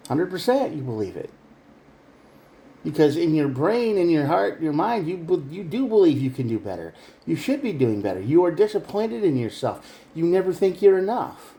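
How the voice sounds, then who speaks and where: A man's voice: medium pitch, expressive, normal speed, pauses often, warm tone, slight background noise. A man giving a tarot reading straight to the viewer, earnest and emphatic. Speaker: tarot reader. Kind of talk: direct-to-camera tarot reading.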